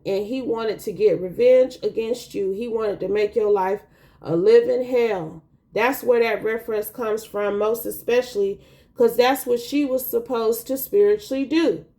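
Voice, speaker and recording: A woman reading tarot cards, speaking slowly in a somewhat high voice. She talks in an emphatic, preachy way and leans on casual slang. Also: a little mellow. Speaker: tarot reader.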